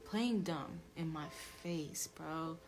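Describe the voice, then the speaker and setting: A young woman vlogging a personal story in a casual, animated and blunt way, with swearing. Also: low-pitched, takes it slowly. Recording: music playing underneath.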